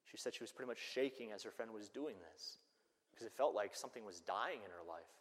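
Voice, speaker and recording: A man's voice: on the low side, fast. Male priest preaching in an echoing church. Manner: animated storytelling that acts out the people it quotes. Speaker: Catholic priest. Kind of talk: sermon. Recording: long church-hall reverb.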